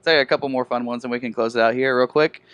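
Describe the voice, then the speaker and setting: A male interviewer speaks quickly in a mid-range voice and keeps the questions light and upbeat. The sound is close and dry. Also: mid-range voice, steady tone, a bit bright, smooth, dry recording, lo-fi sound.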